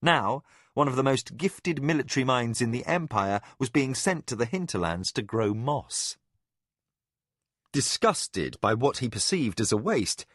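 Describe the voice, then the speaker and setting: Expressive male audiobook narrator. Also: medium pitch, no room sound, clean studio sound. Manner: expressive, measured storytelling. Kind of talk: scripted narration.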